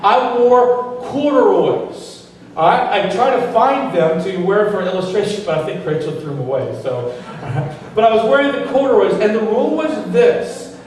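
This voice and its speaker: Animated male pastor in an echoey hall. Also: high voice, moderate pace. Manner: animated, humorous storyteller. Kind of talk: sermon storytelling. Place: church hall. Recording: echoey church hall, distant mic.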